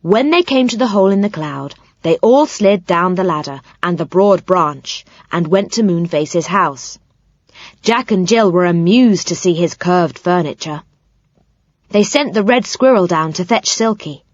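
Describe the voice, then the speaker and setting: Animated woman reading a children's audiobook. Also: fairly low pitch, unhurried, dry recording, muffled recording. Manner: expressive, animated storytelling. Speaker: audiobook narrator.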